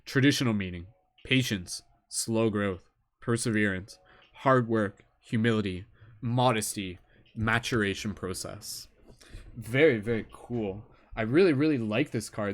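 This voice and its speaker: A man's voice: mid-range voice, normal speed. A man giving a live tarot reading, talking in a reflective, earnest way and often filling with "like" and "you know". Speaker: tarot reader.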